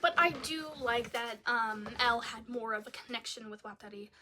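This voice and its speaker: Bright-voiced young woman ranting about a film. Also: on the high side, normal speed, a little hiss or hum. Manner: chatty, exasperated, uses "like" often. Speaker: video creator reviewing a film. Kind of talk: casual spoken film review.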